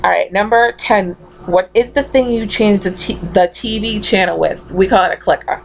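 A woman's voice: medium pitch, normal speed, gravelly, a little hiss or hum, low-quality recording. A young woman with a thick Massachusetts accent chatting casually at home, reading out questions and laughing often. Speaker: vlogger. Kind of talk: casual accent tag video.

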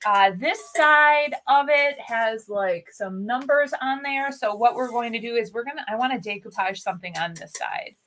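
A woman's voice: on the high side, moderate pace, few pauses, fairly bright tone. A woman hosting a live crafting stream in a casual, chatty way, greeting viewers by name and rambling with many fillers and self-corrections. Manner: chatty and upbeat, greets viewers and reads their comments aloud. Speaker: host of a furniture-flipping craft channel.

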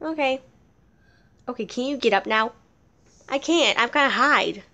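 A woman acting out a toy play with several characters, switching quickly between them in back-and-forth dialogue with sudden shrieks. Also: on the high side, sharp tone.

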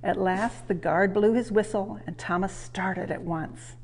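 A woman hosting and reading a children's train story aloud, in a warm, lively, expressive way. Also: medium pitch, measured pace, slightly rough. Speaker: storyteller, museum host. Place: railway museum.

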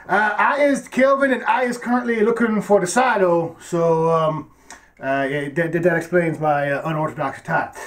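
A man's voice: normal speed, close to an everyday voice. A man playing Kelvin, a dim-witted young film fan who rambles with broken grammar and stammered restarts. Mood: dopey. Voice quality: very high goofy voice. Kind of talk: comedic character sketch.

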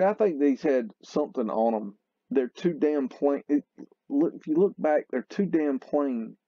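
Excitable man rambling over photos. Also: fairly high pitch, dry recording, muffled recording. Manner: excitable, exclaiming and swearing. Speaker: video host.

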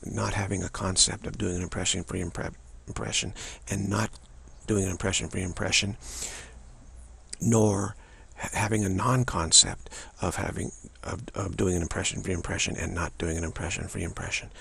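A man with a low, deeply husky voice, full of gravel and fry. He speaks as a spiritual teacher in a loose, musing way. He repeats long phrases and trips over them as he goes. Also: steady tone, moderate pace, a bit bright. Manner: repetitive, stumbling over tongue-twisting phrases; casual and musing, many fillers. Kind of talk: rambling spiritual talk.

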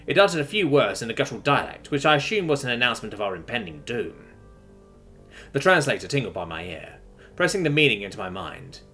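A man's voice: mid-range voice, big pitch swings, fast, pushed and bright, soft background music. A man narrating a sci-fi story in a tense, dramatic reading.

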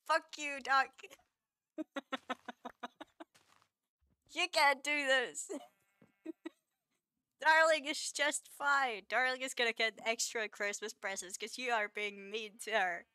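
Woman streamer, slightly high and bright voice, unhurried, playful mock-scolding with frequent laughs. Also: fairly even intonation, clean tone, dry recording. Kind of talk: casual live-stream chat with viewers.

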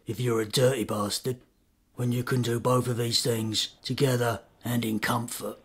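A man delivering a mock-serious comic monologue in a deadpan, grandly formal manner. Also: medium pitch, normal speed, noisy background.

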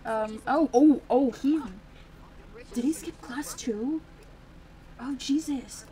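This young woman plays The Sims and narrates casually, reacting aloud and leaning on lots of fillers. Her voice is high-pitched and mellow, she speaks slowly, and the recording quality is low.

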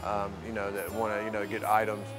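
A mainland man with a lowish voice speaks a little fast and completely flat as music plays in the background. In a casual interview, this program resident and volunteer rambles loosely about his work there, leaning heavily on "you know."

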